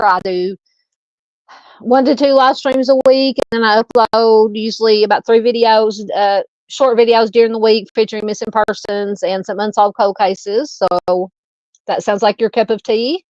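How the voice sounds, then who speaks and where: Reading viewer comments on her true crime live stream, this Arkansas host with a Southern Arkansas accent pauses and thinks out loud as she responds. She sounds somewhat high-pitched and a bit mellow, on a dry, dull-sounding recording.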